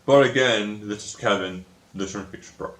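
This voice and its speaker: Young man, lowish voice, casual frustrated rant, profanity, echoey room. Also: normal speed. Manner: frustrated, swearing often, repeats himself. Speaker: video creator.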